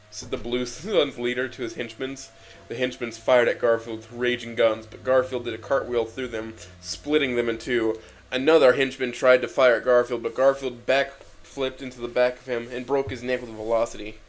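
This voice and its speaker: A man reading comic fan fiction aloud in an earnest, deadpan way. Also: mid-range voice, brisk. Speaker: reader.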